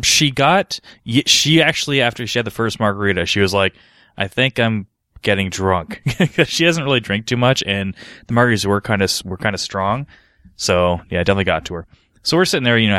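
A man's voice: on the low side, a bit bright, clear, resonant tone, no room sound, clean studio sound. A man from Canada, a podcast co-host, telling a rambling story in casual chat, swearing freely.

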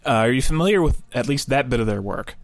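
A man's voice: medium pitch, lively intonation, fast, no room sound, faint music behind. A man interviewing a guest on a gaming podcast, explaining a game in an articulate, structured way. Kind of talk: game review chat.

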